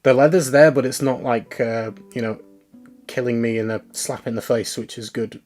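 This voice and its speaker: A man's voice: mid-range voice, fairly even intonation, moderate pace, darkish tone, soft background music. A man chatting casually on a live stream as he works, thinking aloud and talking to his viewers.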